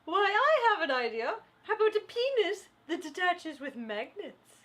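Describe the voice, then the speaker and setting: A woman voicing a prim, overexcited lady in a shrill, exclaiming voice. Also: big pitch swings, normal speed, fairly bright tone, full character voice. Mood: prim excited.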